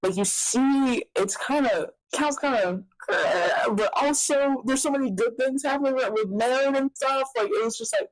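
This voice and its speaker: A woman hosting a podcast, chatting casually in a rambling, excitable way full of fillers. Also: high voice, normal speed, few pauses, no echo, low-quality recording. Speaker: podcast host. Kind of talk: casual chat.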